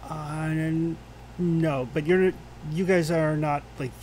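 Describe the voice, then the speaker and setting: Brief: male game master with a fairly high voice, drawn-out delivery, stumbles and restarts as he sets scenes. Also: steady tone, darkish tone, slight background noise. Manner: halting, lots of "uh" and restarts while describing scenes. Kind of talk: narrating a tabletop game.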